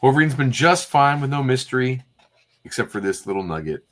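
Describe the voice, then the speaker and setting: A man's voice: medium pitch, big pitch swings, fairly quick, fairly bright tone. A man co-hosting a casual comic read-through, narrating and joking in an easy, bantering way. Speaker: co-host.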